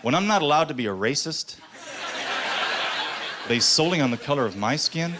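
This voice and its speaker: A man doing a stand-up comedy set on stage, sarcastic with deadpan asides. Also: on the high side, moderate pace, over a noisy crowd. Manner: sarcastic, deadpan asides between acted quotes. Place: comedy stage before a live audience. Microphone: handheld stage mic. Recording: stage mic with audience noise. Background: audience laughter.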